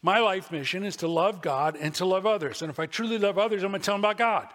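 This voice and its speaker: A man's voice: sits high, fast, fairly bright tone. A man preaching a sermon as pastor, telling folksy stories with asides. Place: church sanctuary. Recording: long reverb of a church hall.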